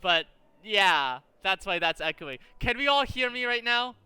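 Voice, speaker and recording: A man streaming a game, chatting casually, animated and exasperated, swearing often at a desk mic. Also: sits high, unhurried, clear, resonant tone, dry recording, faint music behind. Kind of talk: casual livestream chat while gaming.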